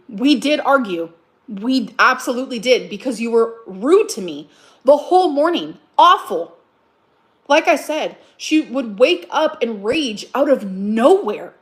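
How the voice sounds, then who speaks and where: On a live stream, a woman with a medium-pitched voice tells a story as an agitated, emotional rant. She keeps repeating herself and swears along the way.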